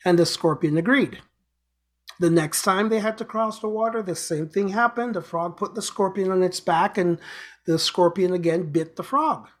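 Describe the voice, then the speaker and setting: Guy with a high voice hosting a motivational show, earnest, keeps urging you. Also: moderate pace. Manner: earnest, repetitive urging, exhortations. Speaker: host of an inspirational show. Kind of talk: motivational talk and storytelling.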